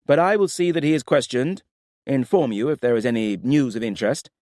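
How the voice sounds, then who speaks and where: A man voicing a proud, stern king who speaks in a forceful, clipped, lecturing way. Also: medium pitch, brisk, no room sound, studio quality, pitched above the performer's own voice, close to an everyday voice.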